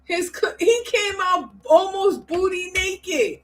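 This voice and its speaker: A woman's voice: very high-pitched, expressive, slow pace, noisy background. A woman co-host in casual chat, teasing and bossy, who drops Spanish words into her speech.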